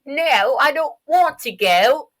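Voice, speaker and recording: A woman's voice: very slow, a little mellow, full character voice. Woman putting on a terrified crying little boy. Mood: pleading, sobbing. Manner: tearful high whisper.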